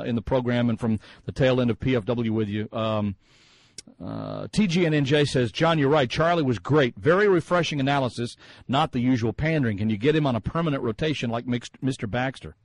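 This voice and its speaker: A man's voice: mid-range voice, fairly quick, no echo, poor audio. A man hosting a sports talk radio show, musing in a chatty way with many fillers and restarts.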